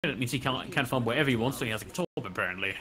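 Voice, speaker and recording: A man giving color commentary on an esports match, chatty and analytical with quick asides. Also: mid-range voice.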